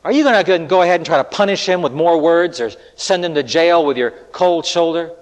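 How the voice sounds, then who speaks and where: Earnest preacher in a reverberant hall. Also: male voice, a little high, fairly quick. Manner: earnest, rhetorical, swings between loud appeals and hushed lines. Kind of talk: sermon. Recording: echoey hall with long reverb.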